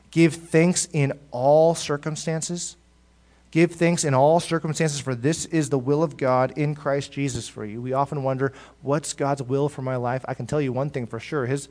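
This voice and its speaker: A male pastor preaching a sermon, rising to loud emphatic peaks and dropping to soft, low asides, often repeating words as he goes.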